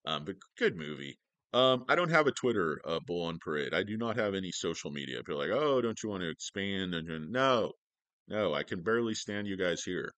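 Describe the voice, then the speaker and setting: A man's voice: low voice, expressive, a little fast, fairly bright tone, no echo. A man hosting a casual stock livestream from his home office, rambling and joking sarcastically with many fillers.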